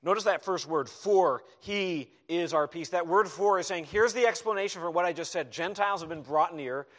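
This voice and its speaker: A man preaching a sermon as pastor, emphatic, dropping into quiet asides to the congregation. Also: sits high, brisk. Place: church hall.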